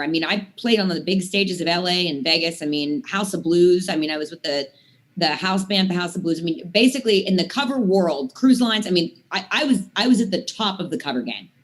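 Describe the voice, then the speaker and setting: Chatty woman, rambling storyteller. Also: on the low side. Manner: rambling storyteller, many "I mean" and "like" fillers. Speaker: guest singer. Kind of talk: casual interview chat.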